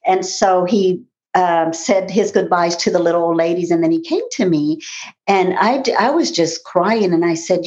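A woman's voice: mid-range voice, normal speed, darkish tone. A woman in her forties telling a personal story in an interview, earnest and rambling, with many fillers and restarts. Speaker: interview guest. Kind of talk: personal testimony in conversation. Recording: dull lo-fi sound.

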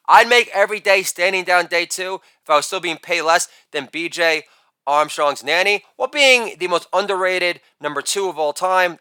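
Brash high-voiced man firing off jokes. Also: clear, resonant tone, no echo. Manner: brash, crude punchlines with loud shouted catchphrases. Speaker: comedian. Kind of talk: rapid-fire joke monologue.

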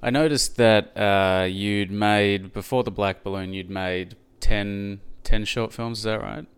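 Very deep, flat-voiced male interviewer. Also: measured pace, clean tone. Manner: hesitant, rambling questions with many fillers. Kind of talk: casual interview conversation.

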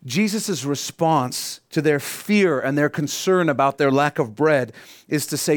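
Male pastor, middle-aged, sermon, animated preaching, dry close sound. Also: on the high side, a little slow, dry recording. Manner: animated, rising to emphatic peaks and dropping to quiet asides.

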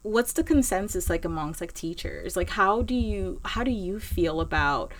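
A woman's voice: medium pitch, expressive, moderate pace. A woman asking questions in casual conversation, with many "like" fillers. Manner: questioning, lots of "like". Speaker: interviewer.

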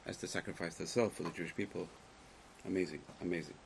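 A man giving a Torah lecture to a live class, speaking emphatically, swinging between loud exclamations and quiet asides, and putting questions to his listeners. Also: low voice, fairly even intonation, fast talker, gravelly, slightly rough, low-quality recording. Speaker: Torah teacher.

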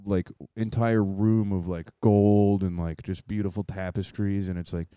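A young man talks in relaxed, rambling casual chat, with a lot of "like" and some cursing. His voice is low, warm and smooth, recorded dry and close. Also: measured pace, dry recording. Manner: relaxed, filler-heavy, profane.

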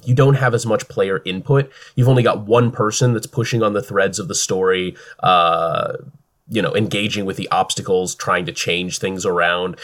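A young man with a lowish voice talks into a podcast microphone in casual, rambling chat. He's relaxed and full of fillers and little restarts as he talks about running games. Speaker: podcast co-host and game master.

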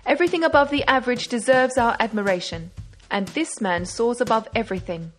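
A woman's voice: fairly high pitch, fairly quick, soft background music, natural voice. A woman reading aloud as a brash young male amateur detective, speaking with eager, triumphant reasoning. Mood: exultant.

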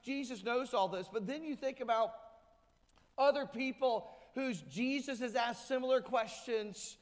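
Pastor, male, high voice, emphatic sermon delivery, church reverb. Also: a little slow. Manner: emphatic preaching, acts out crowd voices. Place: church sanctuary. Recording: hall reverb.

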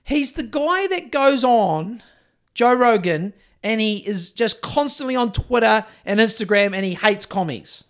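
He co-hosts a podcast with a New Zealand accent, telling meandering, expletive-filled stories in relaxed talk. The voice is high, expressive and a bit bright, with a clean tone and a measured pace.

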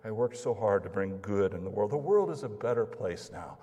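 A man's voice: fairly low pitch, expressive, a little fast, mellow, big-room sound. A man putting on the voice of a smug, self-satisfied woman who praises herself, in a mocking tone. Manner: preening, mocking.

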